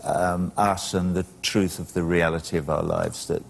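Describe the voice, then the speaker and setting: Gravelly deep-voiced older man. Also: fairly even intonation, slight background noise. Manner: measured, thoughtful, dryly humorous. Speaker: musician guest. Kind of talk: talk show interview. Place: television studio.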